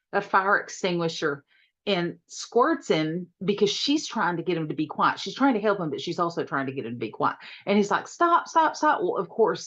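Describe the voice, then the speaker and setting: A woman chats through a casual horror movie review, giggling and repeating her words. Her voice sits low. The recording is dull and lo-fi.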